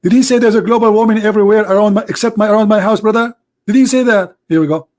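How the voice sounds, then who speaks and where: A man voicing a mocking caricature of an excited Muslim man who keeps asking "brother, did he say that?" in a raised voice. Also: sits high, quick pace, voice pushed up, close to an everyday voice. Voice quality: raised, insistent repeated "brother".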